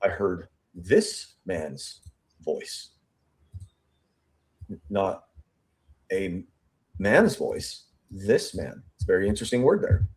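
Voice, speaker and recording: A man with a somewhat low voice talks through a witness statement piece by piece on his true crime show. He thinks out loud, repeats words while searching for the right one, and reads quoted lines back slowly before rushing through his comments. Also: big pitch swings. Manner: thinking aloud, repeats and restarts phrases, pace shifting between slow and rushed. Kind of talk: statement analysis commentary, reading quotes aloud.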